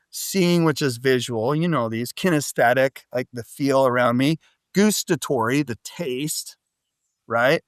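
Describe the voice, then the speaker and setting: Animated man talking on a podcast. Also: on the high side, no room sound, clean studio sound. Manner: animated storytelling, frequent "like" and "right?". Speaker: podcast guest, business coach. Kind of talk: casual interview talk.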